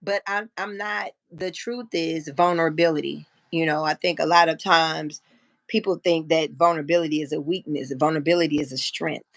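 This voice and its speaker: A woman in her fifties hosting a live stream, telling a personal story in a frank, profane, animated way and acting out what people said. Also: sits low, a little fast, vocal fry, no room sound. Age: 50s. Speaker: livestream host. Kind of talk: casual storytelling chat.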